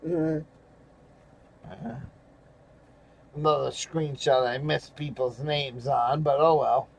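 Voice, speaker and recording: A man's voice: on the high side, fairly even intonation, slow pace, creaky, poor audio. An older man reading viewer comments aloud and ranting angrily, sarcastic and swearing, with bitter chuckles. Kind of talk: casual rant over screenshots.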